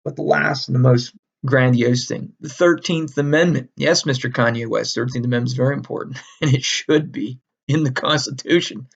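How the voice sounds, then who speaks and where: A man giving a casual, animated history lecture, emphatic and repeating key words, with frequent laughs. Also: mid-range voice, normal speed, gravelly, hardly any pauses, highs cut off. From northern United States. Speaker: history teacher.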